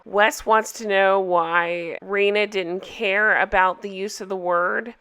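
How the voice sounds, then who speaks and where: A woman recapping a reality show in a casual, opinionated way, hoarse from a cold and asking viewers for their thoughts. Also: medium pitch, fairly even intonation, moderate pace, hardly any pauses, a bit bright. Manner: chatty, opinionated, asks viewers for comments.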